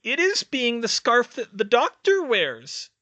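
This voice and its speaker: A man's voice: extremely high pitch, huge pitch swings, slow pace, sharp tone, dry recording, voice pushed up, exaggerated voice. A man reading an audiobook and voicing a proud, earnest male house-elf who speaks in broken grammar.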